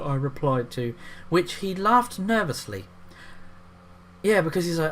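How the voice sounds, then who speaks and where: A man's voice: a little high, sing-song, unhurried, fairly bright tone, a little hiss or hum. A man reading an article aloud and breaking off into sarcastic, profane commentary. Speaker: YouTube commentator.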